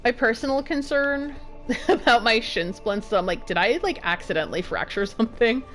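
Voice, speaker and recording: A woman's voice: fairly high pitch, normal speed, a bit bright. A woman streaming a game, chatting casually and rambling, with jumpy nervous exclamations. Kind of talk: casual gameplay commentary.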